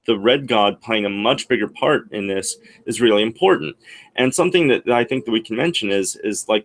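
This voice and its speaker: A man co-hosting a livestream discussion, talking with animation and asking rhetorical questions. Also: lowish voice. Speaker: co-host.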